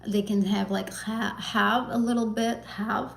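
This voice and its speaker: A woman's voice: mid-range voice, flat delivery, measured pace, creaky, reverberant, rough recording. A woman teaching an exam prep lesson on a live stream, talking casually and encouragingly with fillers and self-corrections. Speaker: IELTS teacher.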